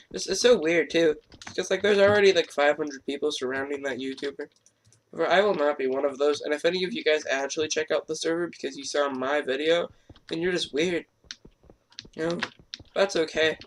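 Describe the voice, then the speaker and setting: A man's voice: on the high side, fairly quick, a little hiss or hum. A teenage boy commenting on his own gameplay, rambling and self-deprecating, stuttering often, his throat strained. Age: teens. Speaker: gamer.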